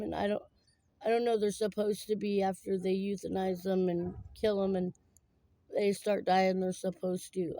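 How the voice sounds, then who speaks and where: A woman talking in a personal vlog, tearful after crying, rambling and halting with many fillers. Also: medium pitch, gravelly, warm tone, dry recording.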